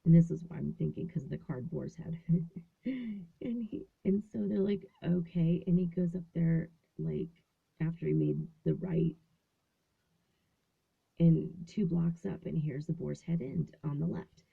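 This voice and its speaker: Chatty lady in her 50s, gravelly husky voice, sounds like a phone line. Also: sits low, a little slow. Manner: chatty, acts out quoted voices. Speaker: host. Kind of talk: casual storytelling monologue. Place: small closet at home.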